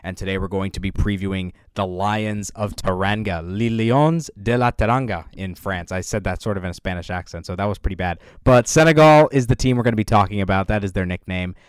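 A man's voice: low-pitched, fast, few pauses, smooth, no room sound, studio quality. A man hosting a sports podcast, running through facts and names in casual analysis with some filler words. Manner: fact-heavy, with filler ums and uhs. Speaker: podcast host.

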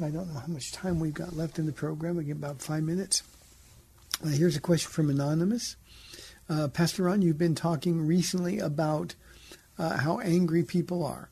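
Very husky-voiced pastor hosting radio. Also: male voice, a little high, dark tone. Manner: earnest, conversational preaching. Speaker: pastor and radio call-in show host. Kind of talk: answering listener questions on air. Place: radio studio.

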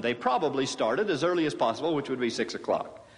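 A man's voice: mid-range voice, animated, a little fast. A man giving a sermon, reading scripture aloud and adding playful, wry commentary with chuckles. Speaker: speaker giving a scripture talk. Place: large hall or tabernacle. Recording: distant hall reverb, faint ambience.

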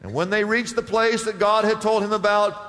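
A man preaching a sermon as pastor, animated, acting out the scripture scenes he retells. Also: high-pitched, a little fast. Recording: long hall reverb.

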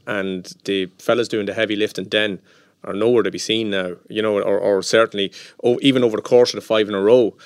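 An Irish man giving steady, measured football analysis in a radio studio. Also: on the low side, no echo. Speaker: football pundit.

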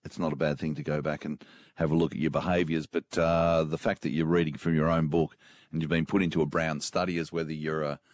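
A man, a podcast co-host, trading dry teasing one-liners and deadpan asides. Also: a bass voice, a little fast.

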